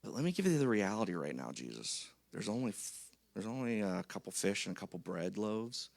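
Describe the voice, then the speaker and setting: A preacher acting out fretful pleading disciples. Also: male voice, on the low side, very animated, a little fast, creaky, no echo. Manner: hesitant, pleading, talking himself around. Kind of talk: acted quote in a sermon.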